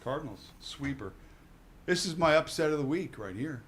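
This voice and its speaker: A man co-hosting a sports radio desk, chatting through his weekly football picks with plenty of jokes and quick corrections of himself. His voice is mid-pitched and swings up and down a lot, and a faint hiss of noise sits under the recording. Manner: animated, jokey, self-correcting. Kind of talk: casual sports betting talk.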